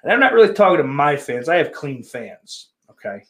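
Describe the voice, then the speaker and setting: A man hosting a livestream who chats casually with viewers, crude and profane, rambling and then breaking into sudden loud greetings. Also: on the high side, big pitch swings, fairly quick. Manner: crude and profane, talks to chat. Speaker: livestream host.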